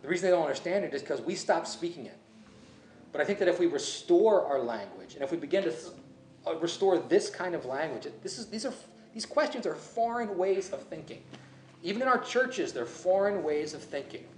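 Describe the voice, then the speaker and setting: A male pastor preaching in a loose, musing way, often correcting himself mid-sentence. His voice sits a little high for a man. It rings through an echoey room over a faint hum of background ambience. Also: expressive, brisk, a little mellow. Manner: conversational, musing, self-correcting. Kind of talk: sermon.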